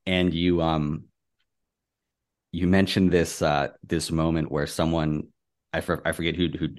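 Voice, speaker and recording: A man hosting his podcast, talking in a friendly, rambling and halting way over a remote call. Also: rumbling low, flat delivery. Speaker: podcast host. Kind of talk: casual podcast chat.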